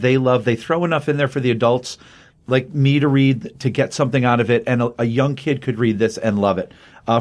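A man co-hosting a casual comic book talk show, enthusiastically recapping a story with many fillers and restarts. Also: mid-range voice. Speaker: comic book podcast co-host.

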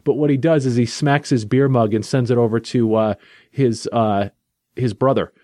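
A man's voice: medium pitch, steady tone, moderate pace, dark tone, no room sound. Jokey man recapping a story, dry sound. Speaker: podcast host reviewing a comic. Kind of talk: casual chat recapping a story.

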